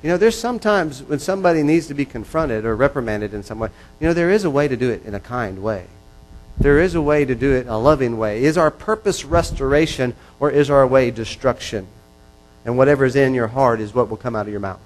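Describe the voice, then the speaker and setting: A man's voice: medium pitch, animated, a little fast, rough recording. A man preaching a sermon in an earnest, repetitive style that builds in intensity. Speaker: pastor.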